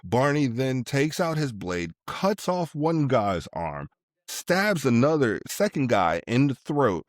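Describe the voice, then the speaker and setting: A man's voice: mid-range voice, sing-song, slow, no echo, clean studio sound. A man casually recapping an action movie as podcast co-host, playful and jokey.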